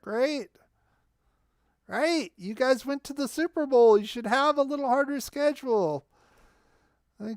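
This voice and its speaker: A man's voice: high voice, no room sound, studio quality. A man hosting a fan livestream, answering chat commenters in a heated, argumentative way. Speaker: fan channel livestream host.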